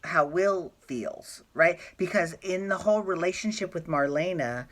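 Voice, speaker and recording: A man talks through a soap opera recap in a loose, casual chat. He gushes, backtracks and throws in quick asides and sheepish apologies. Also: sits high, animated, fairly bright tone.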